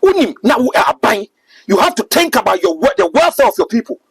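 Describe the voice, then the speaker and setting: A man's voice: very high voice, sing-song, fast, creaky, breathy edge, no room sound, rough recording. A Ghanaian man giving emphatic, preachy political commentary as a talk-show guest, switching between English and Twi.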